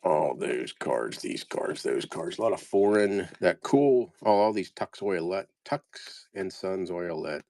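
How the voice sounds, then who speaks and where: A man's voice: low voice, expressive, measured pace, gravelly, hardly any pauses, darkish tone, no room sound. A man casually talking through a lot of postcards, muttering place names one by one and trailing off. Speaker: postcard reseller. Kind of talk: casual commentary sorting postcard lots.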